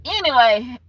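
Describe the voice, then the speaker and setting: Bright-voiced woman retelling a story. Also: high-pitched. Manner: animated retelling with laughs and asides. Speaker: livestream host. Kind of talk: casual storytelling recap.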